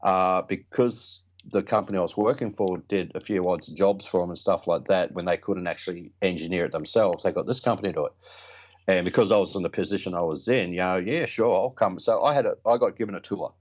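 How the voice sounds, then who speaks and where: Blokey man, low muffled voice. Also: brisk. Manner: rambling, blokey, swears casually. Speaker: prop builder guest. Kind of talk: casual storytelling interview.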